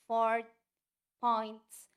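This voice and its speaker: A woman's voice: on the high side, completely flat delivery, very slow, clear, resonant tone, lo-fi sound. A woman in the audience asking questions, hesitant and full of fillers but eager. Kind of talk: live question-and-answer session.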